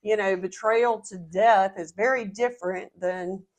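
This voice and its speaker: A woman's voice: medium pitch, steady tone, measured pace. Chatty woman leading a Bible study. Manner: chatty, laughs often, many restarts. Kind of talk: casual group Bible discussion.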